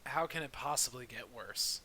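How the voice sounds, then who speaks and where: A man's voice: mid-range voice, normal speed, pushed and bright. A man playing a tabletop game, stammering and sheepish. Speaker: player. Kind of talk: casual tabletop game play. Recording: faint hiss.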